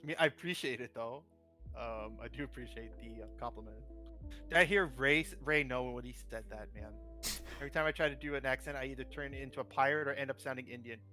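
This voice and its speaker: A young man chatting casually on a livestream, telling rambling, animated stories. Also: medium pitch, fast talker, soft background music. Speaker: guest streamer. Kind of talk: casual stream chat.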